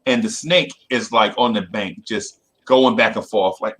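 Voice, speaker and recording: A man hosting casual sports talk, telling a story in an animated way and checking in with "right?" again and again. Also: on the low side, normal speed, hardly any pauses. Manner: animated, keeps repeating "right?".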